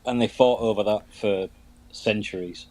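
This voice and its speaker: A man's voice: fairly low pitch, fairly even intonation, normal speed, a little mellow, no room sound. A man from Britain, easygoing and understated in a casual chat.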